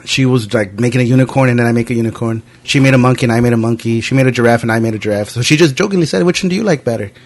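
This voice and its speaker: A young male podcast host chatting casually, spinning animated stories laced with swearing. His voice rests at a middle pitch, and he talks loosely and off the cuff. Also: racing, few pauses. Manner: animated anecdotes, frequent profanity. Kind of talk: casual storytelling chat.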